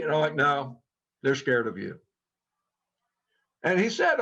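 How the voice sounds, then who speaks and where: A man's voice: a little high, unhurried, long pauses. A middle-aged man telling a personal story earnestly to a group as a trainer. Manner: earnest, quotes people in lively tones. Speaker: co-founder and trainer. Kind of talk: storytelling talk. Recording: dull lo-fi sound.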